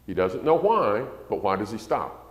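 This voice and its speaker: A man preaching a sermon on parenting in a folksy way, acting out quoted parents in a shrill voice. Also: very animated, moderate pace. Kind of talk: sermon lesson to a congregation. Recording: echoey church hall.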